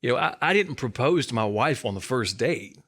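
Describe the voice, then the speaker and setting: A man's voice: mid-range voice, expressive, brisk, fairly bright tone, husky. A man giving a sermon as a church's student ministry coordinator, conversational and emphatic, repeating key lines and adding light humor.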